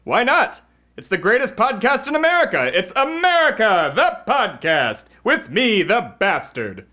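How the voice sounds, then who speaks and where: A man's voice: high-pitched, big pitch swings, measured pace, heavily acted. A man doing a brash, bombastic political fixer. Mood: boastful. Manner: bombastic, boastful, yelling. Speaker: podcast host. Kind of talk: comedy podcast character.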